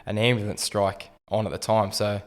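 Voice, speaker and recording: An Australian man in his thirties, a retired rugby league player, telling his story in a relaxed, understated way with frequent ums. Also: lowish voice, moderate pace, big-room sound. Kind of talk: casual interview storytelling.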